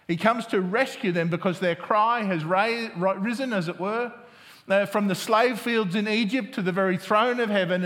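A man's voice: high-pitched, a bit bright. Man preaching in a reverberant hall. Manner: asks the congregation "isn't it?" often, with restarts. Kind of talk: sermon. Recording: long reverb of a large hall.

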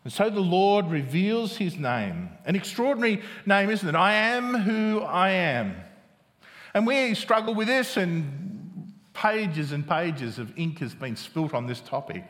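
A man delivers a sermon in a fairly high voice that rings through the long reverb of a large hall. He reads scripture aloud and keeps checking in with his listeners, asking "don't we?" and "isn't it?" between restarts. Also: big pitch swings, a little slow. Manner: asks the congregation "isn't it?" often, with restarts. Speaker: preacher.

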